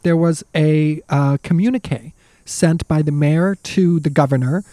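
A man co-hosting a casual history podcast, talking in an animated, emphatic way with frequent restarts. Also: on the high side, measured pace, dry recording. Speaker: podcast co-host and history lecturer.

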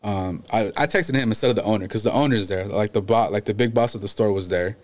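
A man's voice: on the low side, fast, a little mellow. A young man telling a story in casual chat, slangy and full of cursing and "like" fillers. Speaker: podcast guest telling a story.

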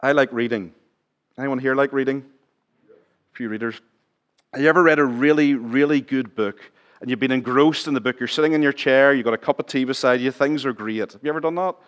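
A middle-aged man preaching a sermon in church, chatting with the congregation, asking them questions and dropping his voice low for emphasis. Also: fast talker, fairly bright tone. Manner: conversational, asks the congregation questions, drops to near whisper for emphasis. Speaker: pastor.

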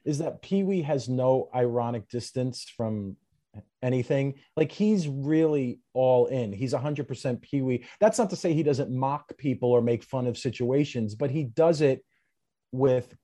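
Brief: man, podcast co-host, warm relaxed tone, eager and chatty. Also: medium pitch, measured pace. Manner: enthusiastic, laughs often, acts out movie lines. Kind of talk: casual film discussion.

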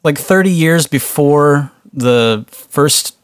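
A man's voice: a little high, lively intonation, slow pace, clear, resonant tone, no echo, clean studio sound. A man co-hosting a podcast in casual chat, laughing often and asking questions. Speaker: podcast co-host.

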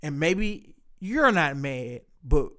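Podcast host, male, high-pitched, talks candidly and profanely about his life. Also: sing-song, slow, bright, forceful tone. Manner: candid, profane, reflective storytelling. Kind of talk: casual podcast chat.

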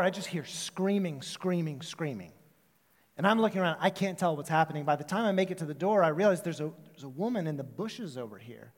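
A man preaching a sermon as pastor, telling stories in a conversational way with quick asides. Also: on the high side. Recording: long hall reverb.

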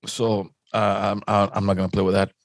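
A man's voice: fairly low pitch, little pitch movement, a little fast, gravelly, no room sound, studio quality. A man co-hosting a podcast, rambling casually with lots of hesitations. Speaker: podcast co-host. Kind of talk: casual chat.

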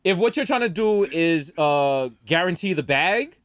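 A man with a somewhat high voice riffs through casual comedic banter on a podcast. He talks loosely and jokingly, now and then slipping into mock voices. The sound is dry and close to the mic. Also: animated, a little slow, fairly bright tone, no room sound. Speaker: podcast co-host.

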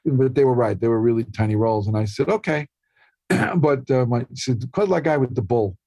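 A man's voice: mid-range voice, fairly quick, warm tone, no echo. An older man, a guest telling emotional family stories and acting out his parents' voices. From New York. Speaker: actor guest. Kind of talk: emotional storytelling.

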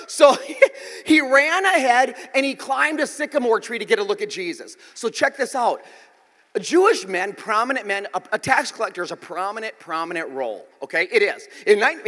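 Man, pastor, sermon, high-pitched, very animated delivery, joking and conversational, long church hall echo. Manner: lively, joking, conversational preaching with frequent "okay?" check-ins. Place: church sanctuary.

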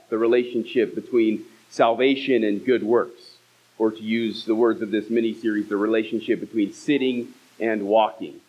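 A man's voice: on the low side, darkish tone, dull audio. Man preaching a storytelling sermon. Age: 30s. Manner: storytelling, acts out dialogue. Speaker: pastor. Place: church hall.

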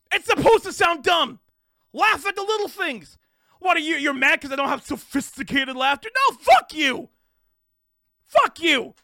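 A man with a very high, sharp, bright voice rants on a live stream, loud and full of swearing. The sound is dry and close, with no room echo. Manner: loud, profane, fired-up ranting. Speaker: streamer and podcast host. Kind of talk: unscripted rant on a live stream.

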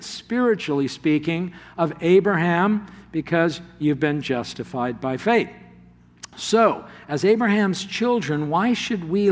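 A man preaching a sermon as pastor, animated and laughing often as he retells the story. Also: a little high. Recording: long hall reverb.

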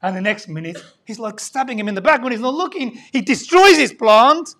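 A woman preaching a sermon in a dramatic, animated way, swinging between loud emphasis and hushed asides. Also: on the high side, a little fast.

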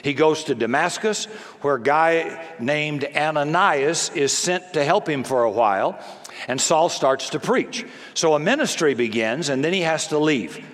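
A man's voice: on the high side, expressive, a little slow, a bit bright. A male pastor delivering a sermon, telling stories with humor and emphasis. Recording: long reverb of a large hall.

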